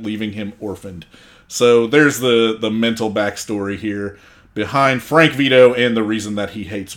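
A man co-hosting a podcast, telling a film's story in a relaxed, casual way and swearing now and then. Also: mid-range voice. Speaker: podcast co-host. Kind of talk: casual podcast chat, recapping a film.

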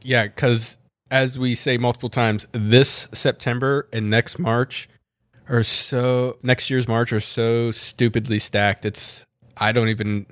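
A man's voice: mid-range voice, slow pace, dry recording, clean studio sound. Man co-host, casual podcast banter, laid-back, mid-range voice. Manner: relaxed, chatty, laughs often. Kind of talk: casual chat.

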